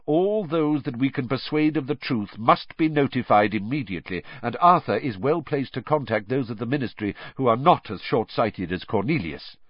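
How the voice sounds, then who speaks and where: A man's voice: medium pitch, expressive, moderate pace, few pauses, no echo, pitched above the performer's own voice, natural voice. Dumbledore, a man voicing a commanding old wizard. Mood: grave. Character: wise old male headmaster, calm, commanding. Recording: dull lo-fi recording.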